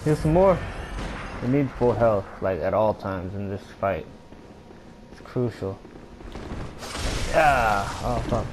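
A man giving excitable live commentary while playing a video game, talking to himself and his viewers and swearing when things go wrong. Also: fairly low pitch, unhurried, long pauses, background noise. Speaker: gamer.

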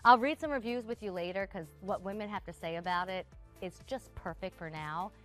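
A woman's voice: mid-range voice, brisk, fairly bright tone, faint music behind. A woman in her thirties hosting a live TV shopping show, chatty and gushing as she talks straight to viewers. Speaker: shopping channel host. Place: TV studio.

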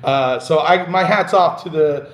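A man's voice: a little high, a little slow. Passionate, laughing man on a live stream. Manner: passionate, ranting, laughs often. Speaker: livestream host. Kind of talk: casual live stream chat. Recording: roomy echo.

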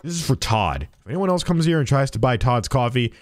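A man's voice: mid-range voice, big pitch swings, brisk, no echo. A young man streaming a game, chatting playfully as he plays a shopkeeper and jokes with customers. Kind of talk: let's-play commentary.

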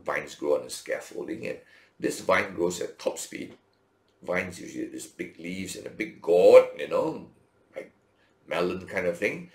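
A man preaching a sermon as pastor, telling the story in a lively way and acting out the dialogue with big leaps in pitch. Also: gravelly, echoey room.

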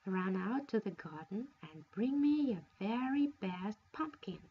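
A woman voicing a short, plump, kindly old fairy godmother in a storybook reading, soothing and unhurried. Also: medium pitch, lively intonation, dull audio, slight background noise.

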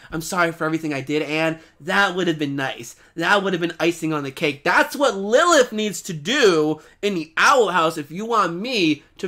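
Guy reacting to a cartoon, loud and hyped, bright sharp voice, talks slow. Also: high voice. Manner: excitable, shouting and laughing, then calmer musing. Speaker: reaction channel host.

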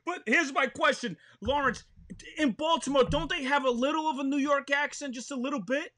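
A man's voice: extremely high pitch, a little fast, sharp tone. A male show host leading a casual interview, upbeat and chummy with his guest. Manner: upbeat, hyping intros, chummy.

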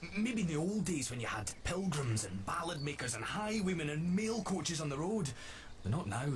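A man's voice: on the high side, normal speed, music in the background. An actor playing a young male innkeeper who dreams of being a writer, speaking in an earnest, wistful way. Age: young adult. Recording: steady background noise.

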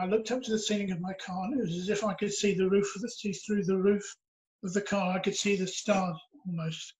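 During a church interview, a man shares his testimony, recounting a personal story in an earnest, reflective manner. His voice is high, and the audio quality is poor.

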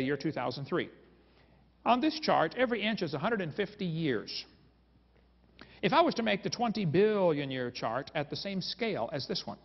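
A creation seminar speaker with a fairly high, creaky voice gives a joking, folksy lecture to a live audience, full of quips aimed at the crowd. The hall recording is dull and reverberant.

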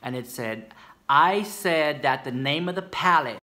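A man's voice: a little high, expressive, unhurried, bright, forceful tone. A man gossiping sassily to camera about beauty news, chatty and dramatic, calling the viewer girl. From United States. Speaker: beauty commentary YouTuber. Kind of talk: casual gossip commentary to camera.

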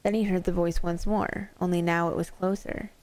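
A woman's voice: fairly low pitch, level tone, moderate pace, darkish tone, no echo. A woman streamer casually reading spooky stories aloud to her chat, playful and laughing easily between stories. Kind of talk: casual storytelling to a live chat.

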